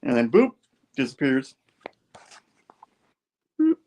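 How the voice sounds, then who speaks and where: A man's voice: medium pitch, takes it slowly. A man hosting a casual comic book review, retelling the story with lots of fillers and putting on voices for the characters. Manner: animated retelling, acting out dialogue, many fillers. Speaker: host.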